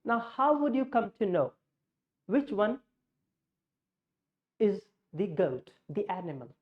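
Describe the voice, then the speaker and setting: A woman teaching pronunciation, slowly modeling vowel sounds against each other. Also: medium pitch, very animated. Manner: slow, explanatory, models sounds in contrast. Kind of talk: pronunciation lesson with slides. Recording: muffled lo-fi audio.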